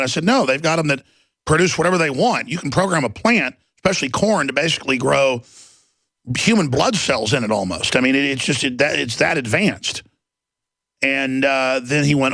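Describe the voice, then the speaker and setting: Gravelly ranting talk radio host man. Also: a little high, lively intonation, a little fast, a bit bright, dry recording. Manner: ranting, storytelling, acts out quoted voices.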